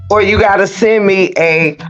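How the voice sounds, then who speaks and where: A man hosting an online panel, joking excitedly and laughing often. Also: high voice, normal speed, soft background music. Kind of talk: casual chat. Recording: dull, muffled audio.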